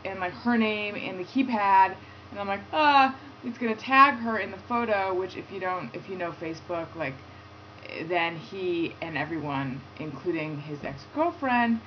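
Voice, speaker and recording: A woman hosting a comedy talk show, telling a rambling self-deprecating story and chatting with a guest. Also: mid-range voice. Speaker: host. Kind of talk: casual chat and phone interview. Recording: lo-fi with faint noise.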